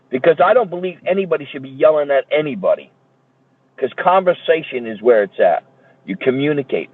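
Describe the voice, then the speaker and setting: A man's voice: a little high, dry recording. A man ranting in a heated, profane and repetitive way, as if streaming a monologue. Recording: tinny phone-like dry audio.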